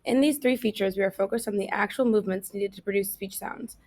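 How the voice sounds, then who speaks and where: A young woman student presents a technical section of a class talk. She reads the terms from her script in a voice of middle pitch. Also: fast, darkish tone.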